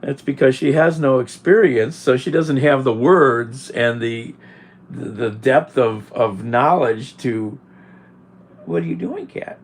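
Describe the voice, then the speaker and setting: A man's voice: medium pitch, slow. A man vlogging, giving casual rambling commentary with a mocking edge and many fillers. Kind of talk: casual commentary while cooking.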